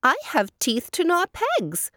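A woman's voice: huge pitch swings, slow, sharp tone, dry recording, clean studio sound, heavily acted. A woman voicing a flighty, chatty female hare in a storybook reading. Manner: high and chattering.

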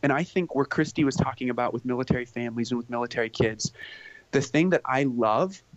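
A man's voice: mid-range voice, fast talker, dry recording, highs cut off. A man speaking earnestly on a podcast about parenting, often repeating words as he starts a thought. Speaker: parenting expert guest. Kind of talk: conversational podcast talk.

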